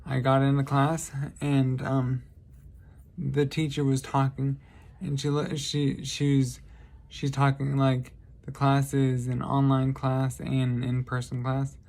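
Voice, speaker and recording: A man's voice: medium pitch, completely flat delivery, slow pace, vocal fry, a little mellow. A man vlogging, telling casual stories in a rambling, lighthearted way and often correcting himself. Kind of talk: casual storytelling monologue.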